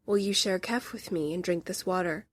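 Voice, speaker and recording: A woman voicing a weary, stern male gunslinger leader, speaking gravely and formally in a book reading. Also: fairly low pitch, normal speed, no echo, close to an everyday voice. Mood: solemn.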